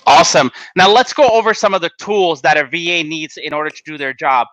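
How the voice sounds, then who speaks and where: A man hosting a casual business podcast, talking in an energetic coaching tone and asking rhetorical questions. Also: fairly high pitch, a little fast, low-quality recording. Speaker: podcast host.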